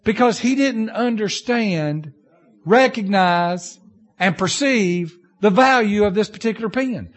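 A male pastor preaching a sermon, telling stories and swinging between loud bursts and low asides.

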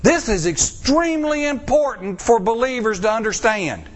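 A middle-aged male pastor, preaching a sermon, acting out quotes and slowing down for emphasis. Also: very high-pitched. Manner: animated preaching with acted-out quotes and drawn-out pauses.

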